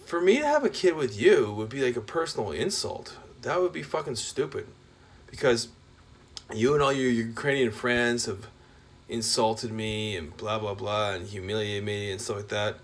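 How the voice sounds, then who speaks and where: Rambling profane man ranting. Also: moderate pace. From Canada. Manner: rambling, profane, full of "like" fillers; loud swings between raised outbursts and low mutters. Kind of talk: rambling monologue rant.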